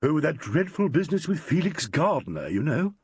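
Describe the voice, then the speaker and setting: A comforting old actress speaks gently and sensibly, soothing a younger woman, as a male narrator puts her on. The voice is husky and close in a dry room. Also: fairly high pitch, very animated, moderate pace, dry recording, lo-fi sound, pitched above the performer's own voice, heavily acted. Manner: soothing, motherly.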